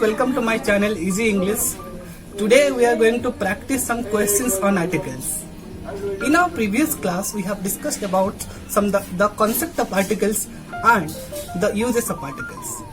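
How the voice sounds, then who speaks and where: A woman teaching English grammar, talking slowly and explaining each step with pauses. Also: medium pitch. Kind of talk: classroom lesson narration. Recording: faint background music.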